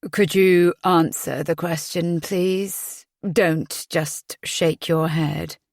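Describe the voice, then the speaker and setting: A stern male police detective from an audiobook thriller, patient but probing, asking measured, pointed questions, as a woman narrator reads him. The voice sits low and unhurried, and the sound is close and dry. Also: fairly even intonation, creaky, darkish tone, dry recording, exaggerated voice.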